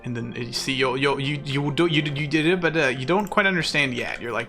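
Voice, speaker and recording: A man's voice: medium pitch, brisk, few pauses, sharp tone, soft background music. A man streaming a game live, chatting playfully with mock-boastful bragging and frequent laughter. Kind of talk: casual live-stream commentary while playing.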